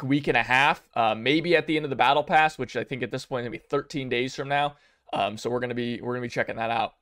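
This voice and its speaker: A young man giving casual commentary on game news, rambling and excitable, with many fillers and restarts. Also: medium pitch, clean tone. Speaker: gaming video creator.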